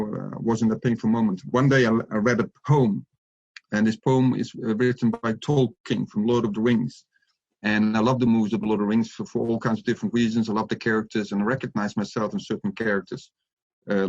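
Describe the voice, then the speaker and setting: A middle-aged man, a life coach, telling his story earnestly in an interview, with reflective pauses and restarts. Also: fairly low pitch, breathy edge. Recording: muffled lo-fi audio.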